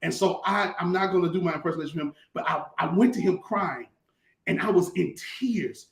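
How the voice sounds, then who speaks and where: A man's voice: sits high, fairly quick, gravelly, reverberant. A man, a pastor, talking casually and emphatically, telling stories with a lot of repetition. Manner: emphatic, repetitive, colloquial storytelling. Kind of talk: conversational talk-show teaching.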